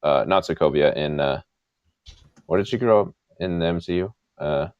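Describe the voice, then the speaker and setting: Deep-voiced man on a dry, muffled line. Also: normal speed, no room sound. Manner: eager, gushing, repeats phrases. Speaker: podcast co-host. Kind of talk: casual podcast discussion. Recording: dry, muffled remote audio.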